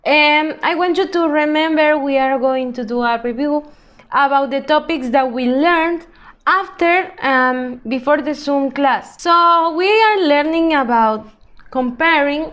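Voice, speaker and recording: Woman, English teacher; high voice, unhurried, models words slowly for children. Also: a bit bright. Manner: slow and patient, drawing out example words. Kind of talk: recorded grammar lesson for children.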